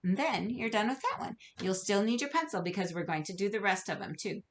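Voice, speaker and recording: A woman's voice: medium pitch, expressive, brisk, slight background noise. A woman teaching a phonics lesson to young children, speaking patiently and encouragingly, stretching out sounds. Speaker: kindergarten teacher. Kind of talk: recorded remote phonics lesson.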